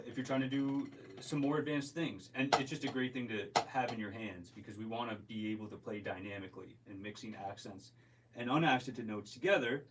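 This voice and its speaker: A man teaching a drum lesson in a relaxed, step-by-step way, counting the beats aloud. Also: lowish voice. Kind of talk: casual instructional talk. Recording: distant mic with loud clicking noise.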